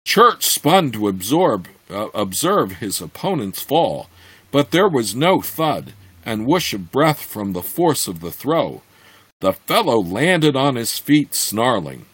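A man reading a fantasy novel aloud, expressive, with occasional slips and restarts. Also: mid-range voice, husky, no echo. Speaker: reader.

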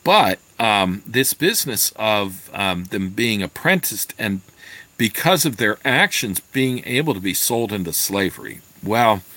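A man reads a novel aloud slowly, with lively rises and falls in pitch. His voice is slightly husky, and the recording is dry and close. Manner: slow, expressive, halting in asides. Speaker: reader. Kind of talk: reading a novel aloud with commentary.

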